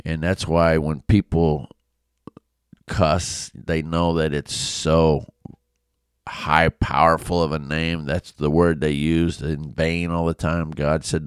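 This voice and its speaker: A man from Illinois giving a casual Bible study talk, conversational and animated, with storytelling asides. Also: very deep voice, slow pace, clear, resonant tone, dry recording, clean studio sound. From Illinois, USA. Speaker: Bible teacher.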